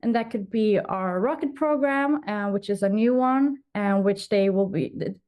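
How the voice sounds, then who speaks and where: A young woman from Sweden gives a conference talk over a remote call. Her voice is warm and mellow, and her pitch sits in an ordinary middle range. She explains things steadily and pauses often with "um.". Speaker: vice chair of a youth astronomy association. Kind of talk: conference presentation. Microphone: remote call from an office.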